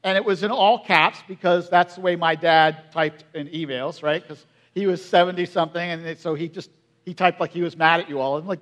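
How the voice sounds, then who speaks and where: A man's voice: on the high side, steady tone, brisk. A man in his forties preaching a sermon in a conversational way, often asking the congregation questions. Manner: drops to a quiet, hushed voice at emotional moments. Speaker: pastor.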